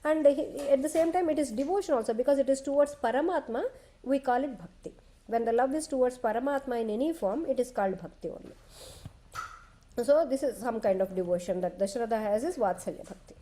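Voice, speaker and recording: A woman retelling a sacred epic in a devotional discourse, talking conversationally and pausing to explain for children. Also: fairly high pitch, mellow. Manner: conversational, explains to children, frequent restarts and "okay". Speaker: scripture storyteller.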